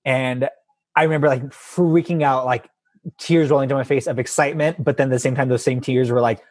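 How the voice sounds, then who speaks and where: A man with a husky voice, a guest telling an animated story in casual chat and acting out the quotes. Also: mid-range voice, fairly quick, no echo.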